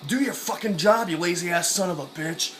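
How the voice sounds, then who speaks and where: A man's voice: high-pitched, a little fast, a little hiss or hum, close to an everyday voice. A man doing a furious swearing neighbor. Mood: angry, hostile. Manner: shouting, profane, hostile. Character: aggressive hostile adult man neighbor, swearing.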